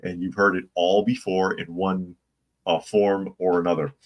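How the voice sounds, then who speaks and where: Man, very low voice, casual stream host, opinionated, rambling, reads chat aloud. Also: little pitch movement, moderate pace, lo-fi sound. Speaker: political commentary channel host. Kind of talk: casual live-stream commentary.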